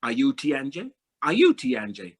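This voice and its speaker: A man's voice: high voice, sing-song, measured pace, vocal fry, breathy edge, pitched above the performer's own voice, full character voice. A man voicing a skinny, sneaky stranger who demands answers and grows exasperated.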